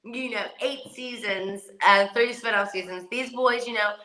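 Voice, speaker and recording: A woman's voice: a little high, moderate pace, bright, forceful tone, roomy sound, low-quality recording. A woman from West Virginia with a Southern accent, a reality show star chatting casually on a call, brash, cursing and laughing often. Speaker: guest, reality competition star. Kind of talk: casual chat on a video call.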